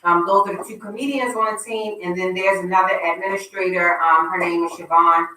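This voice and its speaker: A woman's voice: on the low side, fairly even intonation, a little fast, pushed and bright, reverberant, far from the mic, a little hiss or hum, low-quality recording. A woman hosting a casual radio talk show, chatting in a teasing way and promoting an event. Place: radio studio.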